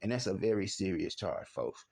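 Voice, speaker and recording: A man with a Texan accent hosting a comedic news show, loud and slangy as he jokes through the story. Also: low voice, expressive, moderate pace, gravelly. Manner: loud joking slangy delivery. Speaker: news commentary host.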